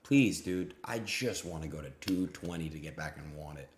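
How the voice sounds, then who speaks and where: A young man live-streaming his gambling, swearing freely and swinging between yelling and muttering. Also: a bass voice, animated, normal speed, a little hiss or hum. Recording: roomy echo.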